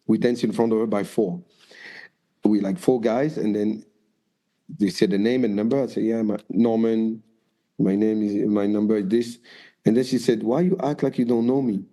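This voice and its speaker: Mellow-voiced man telling lively stories. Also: fairly low pitch, normal speed, pauses often. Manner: lively storyteller, acts out quoted voices, swears freely. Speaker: guest dancer and choreographer. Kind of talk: storytelling interview.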